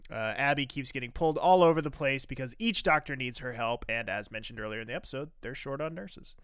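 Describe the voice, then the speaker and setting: Man, podcast co-host, casual recap, bright and crisp tone, dry close sound, lots of "uh" fillers. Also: mid-range voice, fast, no echo. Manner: rambling, frequent "uh" fillers and restarts.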